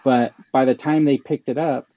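A man's voice: medium pitch, fairly even intonation, moderate pace, no room sound. A man hosting a casual chat, rambling with many fillers and restarts. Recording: slightly dull lo-fi sound.

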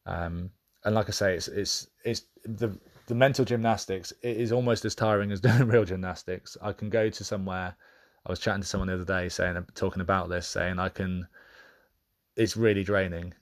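A man with a deep, low voice speaks on his own podcast. He is candid and reflective, often pausing and restarting mid-thought as he works out what he means. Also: fairly even intonation. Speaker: podcast host. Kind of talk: reflective personal monologue.

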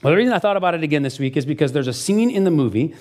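A man's voice: on the high side, rapid-fire. Middle-aged male pastor, conversational sermon. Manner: conversational, animated storytelling with frequent restarts.

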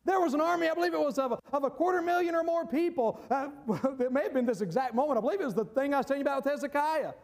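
A male preacher with a very high voice delivers a sermon. He is emphatic, laughs between points and rises to shouts. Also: rapid-fire, vocal fry, few pauses.

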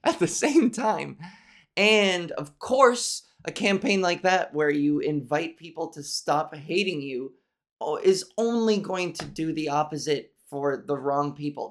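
A woman with a nasal voice hosts a solo podcast. She talks candidly and swears freely, and her monologue rambles along with restarts. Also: low-pitched. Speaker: podcast host.

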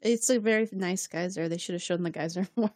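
A woman's voice: fairly low pitch, brisk, darkish tone, dry recording, studio quality. Sarcastic woman recapping a TV episode. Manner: swearing, sarcastic, laughs often. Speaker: podcast co-host recapping episodes. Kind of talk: casual chat.

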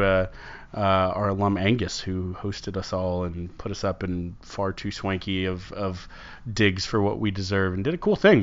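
A man's voice: lowish voice, a bit bright, muffled recording. A man co-hosting a casual sports podcast, jokey and rambling. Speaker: podcast co-host.

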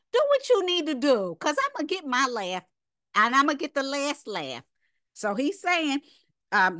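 A woman's voice: high voice, bright, forceful tone, no room sound, studio quality. A woman teaching a casual scripture lesson, reading verses aloud and then commenting directly to her listeners. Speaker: Bible study teacher.

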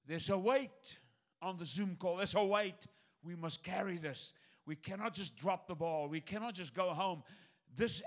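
A man preaching a sermon, pressing his points with repetition and calling on the church. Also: high voice. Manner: emphatic preaching, swings between loud calls and near-muttered asides.

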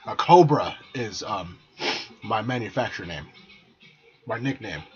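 On a podcast, a young San Jose, California man delivers a profane, exasperated rant, blunt and crude with constant swearing. He talks unhurriedly in a lowish, animated voice; the lo-fi audio is dull, from a small room whose door is partly shut.

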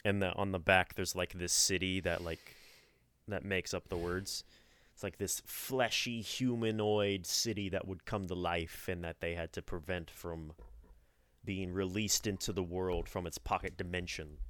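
A man with a very low, smooth and clear voice chats easily on a podcast, rambling along and often letting his voice sink to a soft murmur. The sound is close and dry. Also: steady tone, a little slow, no echo. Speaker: podcast co-host. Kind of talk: casual chat.

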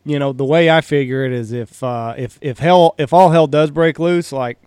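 A man's voice: fairly high pitch, moderate pace, a little mellow, clear, resonant tone, dry recording, studio quality. A man appearing as a podcast guest, chatting and joking casually and often repeating words as he starts a thought. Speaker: guest, game call maker. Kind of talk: casual chat.

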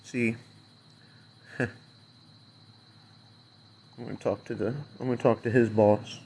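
A man's voice: mid-range voice, level tone, takes it slowly, dark tone, husky. A man venting as an unhappy customer in a fuming, sarcastic rant full of swearing that rambles loosely from point to point. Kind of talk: angry profane rant to camera.

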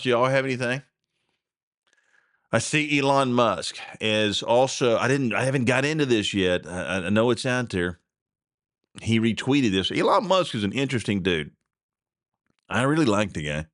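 A man's voice: mid-range voice, animated, moderate pace, a bit bright, no echo, studio quality. A man hosting a casual solo news commentary show, rambling, repeating himself and chuckling along. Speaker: podcast host.

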